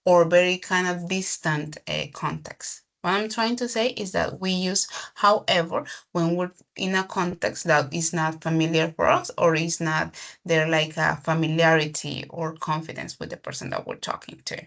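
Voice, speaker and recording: A woman teaching an English grammar class, explaining slowly, repeating herself and checking in with the student. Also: on the low side, steady tone, creaky, fairly bright tone.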